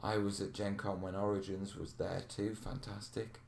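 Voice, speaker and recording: A man's voice: on the low side, flat delivery, normal speed, creaky, a little mellow, slight background noise. A man hosting a live question stream, chatting casually, laughing and reading out viewer comments. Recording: roomy echo.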